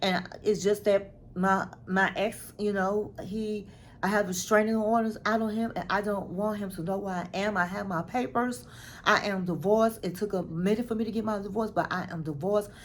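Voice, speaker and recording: Host voice: a woman, casual and animated, acts out quotes, says "honey". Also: medium pitch, normal speed, a little hiss or hum. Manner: animated, dramatic retelling with acted-out quotes; chatty, says "honey" and "girl". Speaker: recap vlogger. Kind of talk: casual reality-show recap.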